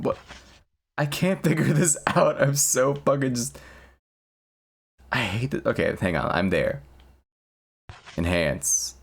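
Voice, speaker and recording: A man's voice: medium pitch, slow pace, vocal fry, long pauses. A young man streaming a game, chatting casually in a rambling, crude, jokey way and laughing often. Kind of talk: casual gameplay chat.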